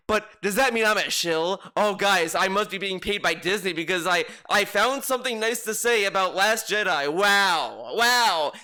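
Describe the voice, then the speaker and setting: A man's voice: high-pitched, pushed and bright, clear, resonant tone. A man ranting in reaction commentary, sarcastic, profane and exasperated. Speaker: commentary YouTuber.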